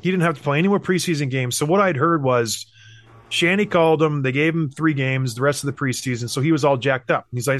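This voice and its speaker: A man with a slightly high voice tells a story in a relaxed podcast chat. He is animated and acts out the people he quotes, jumping up and down in pitch. He sounds like a man in his thirties. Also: brisk, no room sound. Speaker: podcast host, former hockey player.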